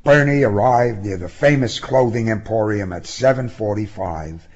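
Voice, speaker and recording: A man narrating a story in a measured, expressive way. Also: lowish voice, highs cut off. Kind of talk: audiobook narration.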